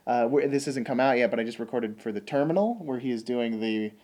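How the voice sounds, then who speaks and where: A man's voice: mid-range voice, a little fast, warm tone. A man co-hosting a podcast, talking casually about a movie with lots of fillers and restarts. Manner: chatty, many fillers and restarts. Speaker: podcast co-host. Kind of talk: casual film discussion.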